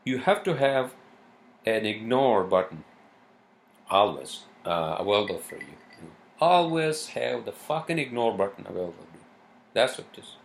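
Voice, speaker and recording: Casting note: man, low and gravelly, swearing casual podcast host who rambles. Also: sing-song, moderate pace. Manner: profane, meandering, lots of fillers. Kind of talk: rambling solo podcast monologue.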